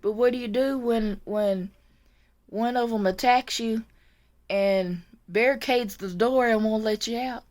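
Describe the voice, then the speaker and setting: A woman's voice: a little high, unhurried, darkish tone. A woman who used to work as a nursing aide, telling a story in a chatty, casual way, laughing often and repeating words as she goes.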